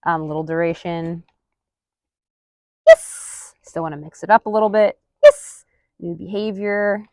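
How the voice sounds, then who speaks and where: A woman dog trainer narrating a training session, murmuring quiet asides and counts, then calling out loud, high-pitched praise to her dog. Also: fairly quick, no room sound. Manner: counts softly under her breath. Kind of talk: live commentary during a dog training session.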